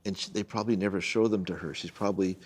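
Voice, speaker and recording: A man's voice: low-pitched, quick pace, slightly rough. An older man, a guest photojournalist, telling a long personal anecdote in casual conversation and acting out the people in it. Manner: animated anecdote-telling, acts out quoted people.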